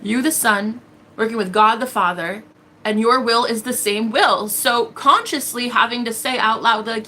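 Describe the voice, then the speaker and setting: A woman's voice: fairly high pitch, normal speed, pushed and bright, slight background noise. A woman hosting a tarot livestream, speaking bluntly and defiantly, with plenty of profanity and acted-out quotes. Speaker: tarot reader and livestream host. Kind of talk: casual livestream monologue.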